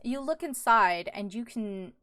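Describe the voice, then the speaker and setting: A woman's voice: a little high, lively intonation, a little slow, fairly bright tone. A woman running a tabletop game as dungeon master, playful and giggly, throwing in silly sound effects.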